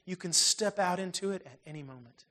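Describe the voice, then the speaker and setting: A man voicing a gentle, patient, shining male spirit from heaven who coaxes someone softly. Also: sits high, fairly quick. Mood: coaxing. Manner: gentle, coaxing.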